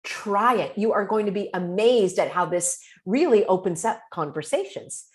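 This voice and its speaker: Woman host, casual advice talk, lively pitch that swoops up for acted-out reactions. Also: moderate pace. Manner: animated, acts out quoted reactions.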